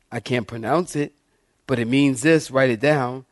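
A man's voice: medium pitch, a little slow, dry recording, studio quality. A male pastor preaching a sermon, emphatic, often asking the congregation if they follow. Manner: asks the congregation for responses, emphatic.

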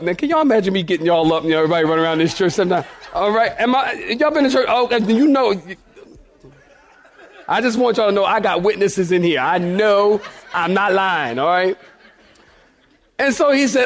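A man's voice: sits high, expressive, fairly quick. A man preaching a sermon, telling jokey stories and laughing often as he talks to the congregation. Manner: joking storyteller, laughs often, addresses congregation as y'all. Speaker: pastor.

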